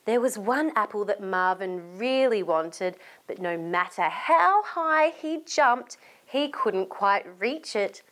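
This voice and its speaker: A woman from Australia reading a storybook aloud to young children, animated and inviting them to join in. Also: on the high side.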